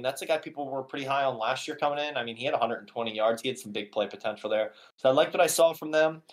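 A man co-hosting a sports podcast, chatting casually and talking through his opinions at length. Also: medium pitch. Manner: thoughtful, explains his opinions. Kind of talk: casual chat.

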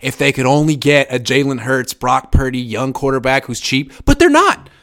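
A man hosting a casual live sports chat, reading viewer comments and giving sarcastic, animated takes. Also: normal speed. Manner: animated, sarcastic, jumps up in pitch for emphasis.

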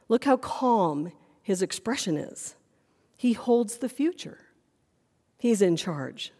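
A woman's voice: mid-range voice, a little mellow. Woman preaching in a reverberant church. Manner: earnest, questioning delivery. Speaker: pastor. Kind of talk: sermon. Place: church sanctuary.

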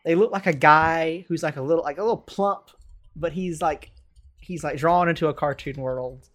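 A man's voice: a little high, moderate pace. A man in his twenties from the United States, telling rambling stories over a video call in casual chat. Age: 20s. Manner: rambling, animated storytelling with laughs.

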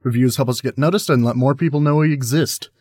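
A man with a husky voice hosts an explainer podcast. He talks in a friendly way and lays things out in plain steps. The sound is dry and close. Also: mid-range voice, quick pace, a little mellow, no room sound. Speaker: podcast host.

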